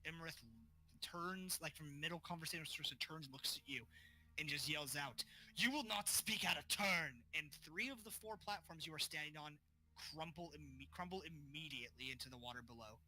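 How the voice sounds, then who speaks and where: Acting as game master for a tabletop game, a man narrates casually, packing in fillers and voicing the characters. His voice is on the high side, brisk and bright, with a forceful tone.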